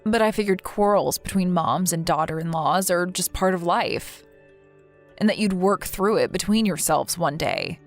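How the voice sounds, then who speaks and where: A woman's voice: on the low side, animated, moderate pace, soft background music. A woman voicing a text story, earnest, indignant and protective in tone.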